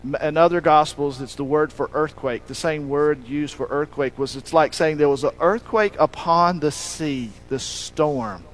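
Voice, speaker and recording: A male pastor delivering a sermon in a fairly high voice. He tells the story with animated energy, acting out the lines he quotes. His delivery rises to loud emphasis and then drops to a hush. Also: moderate pace, hardly any pauses, low-quality recording.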